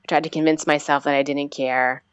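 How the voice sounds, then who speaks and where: A woman in her forties telling her personal story as an interview guest, earnest and halting, often restarting her sentences. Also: low voice, little pitch movement, clear, resonant tone, no room sound. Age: 40s.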